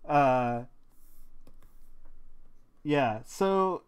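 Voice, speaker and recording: A man's voice: mid-range voice, expressive, moderate pace. A man, a comic colorist, talking casually on a live stream from a home studio at a desk mic, rambling with lots of "like" fillers. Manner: rambling, filler-heavy, frequent "like". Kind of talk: casual chat while working.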